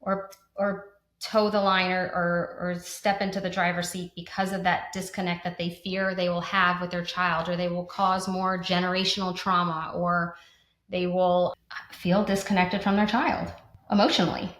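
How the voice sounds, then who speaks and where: A woman's voice: on the low side, little pitch movement, normal speed, fairly bright tone. A woman in her thirties co-hosting a conversational podcast, talking earnestly with frequent restarts and fillers like "like". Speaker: podcast co-host. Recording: roomy echo.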